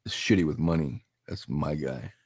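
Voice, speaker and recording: A man's voice: very deep voice, normal speed, crowd noise. A man co-hosting a podcast, chatting in a laid-back, wry way. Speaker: podcast co-host. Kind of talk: casual chat.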